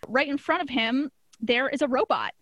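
Woman, high voice, dry close sound, chatty episode recap, laughs mid-sentence. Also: moderate pace, bright, forceful tone, no echo. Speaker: podcast co-host.

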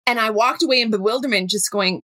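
A middle-aged woman, a workshop facilitator telling a story with animated, acted-out dialogue. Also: a little high, fast, no room sound. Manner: animated, acts out dialogue in her stories. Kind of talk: storytelling talk.

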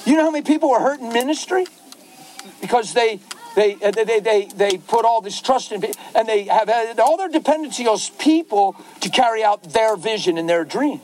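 Man preaching fervently in a high voice. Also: expressive, a little fast, a little mellow, slight background noise, poor audio. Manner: fervent, rising to emphatic exclamations. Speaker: pastor. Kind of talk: impassioned preaching in conversation.

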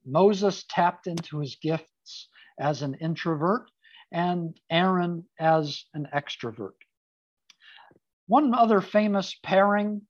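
A speaker gives an informal sermon on a Jewish text, mixing it with chatty, wry asides. The voice is mid-pitched and sits close on a dull, lo-fi track. The sound is dry, with no room echo. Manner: conversational, with casual asides and fillers. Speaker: speaker giving a Torah talk.

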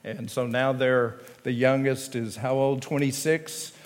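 A man in his fifties with a Tennessee accent, a pastor telling folksy stories at a chapel address, with halting restarts. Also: medium pitch, fairly even intonation. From Tennessee, USA. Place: large chapel. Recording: long hall reverb.

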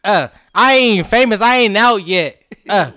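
A man hosting a street freestyle session, loud, laughing and profane, throwing out his own bars. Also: high voice, lively intonation, a little slow, clear, resonant tone. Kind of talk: hyped casual street banter and freestyle. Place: outdoors with a group.

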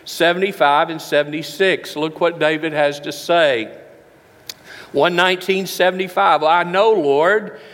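A man preaching a sermon in a church, emphatic, slowing down to stress each verse. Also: on the high side, fairly bright tone. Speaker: pastor. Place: church sanctuary. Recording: long reverb of a large hall.

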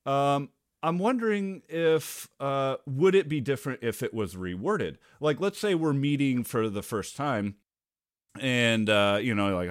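A man's voice: mid-range voice, lively intonation, measured pace, no echo, studio quality. A man from Oregon co-hosting a podcast, thinking aloud in a hesitant way during a casual conversation. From Oregon, United States. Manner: hesitant, thinks aloud with many fillers and restarts. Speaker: podcast co-host.

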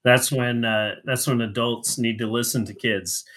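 A man's voice: medium pitch, fairly even intonation, unhurried, fairly bright tone. A man hosting a podcast, closing the interview in an earnest, friendly way. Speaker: podcast host. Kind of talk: casual interview.

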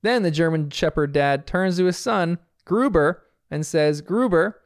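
A man's voice: on the high side, unhurried, no room sound, clean studio sound. A man casually recapping a cartoon episode scene by scene, chatty and often laughing. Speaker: TV episode reviewer.

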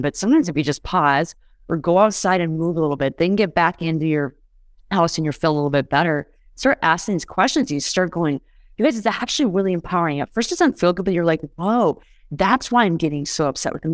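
A podcast guest with a fairly low-pitched voice and no echo in the recording explains her points casually. She often checks in with her listeners, using "you guys" and "does that make sense."

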